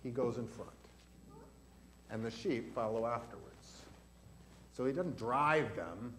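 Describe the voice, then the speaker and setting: This pastor's medium-pitched voice is fairly bright, slow and lively in intonation, with slight background noise. He is giving a catechism lesson in church to children and adults, asking the children questions as he teaches.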